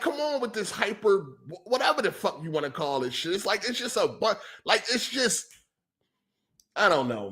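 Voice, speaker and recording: Man, middle-aged, podcast host, fired-up profane rant, fairly high voice, pitch swinging wildly. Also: fairly bright tone. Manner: profane, repetitive, exasperated ranting.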